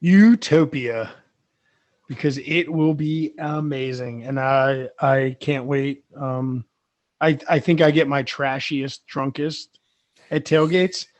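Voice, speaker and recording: A man guesting on a podcast over a video call, chatting in an excited, joking way. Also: mid-range voice, slow, no echo. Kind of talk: casual chat.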